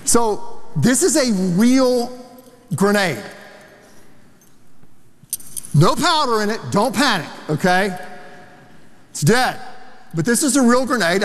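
A man pastor preaching an emphatic, animated sermon in a large church sanctuary, with asides to the congregation. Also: sits high, a little slow. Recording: long hall reverb of a big sanctuary.

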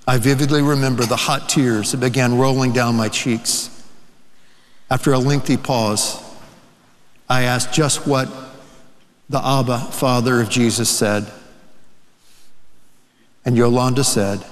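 Guy preaching, slow solemn storytelling w big pauses, lots of hall echo. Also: medium pitch. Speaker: priest. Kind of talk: sermon storytelling. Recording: long hall reverb.

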